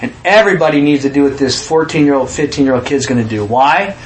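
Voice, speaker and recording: A man preaching a sermon in an animated way, acting out quotes with sudden shouts. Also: medium pitch, fast talker, reverberant, a little hiss or hum.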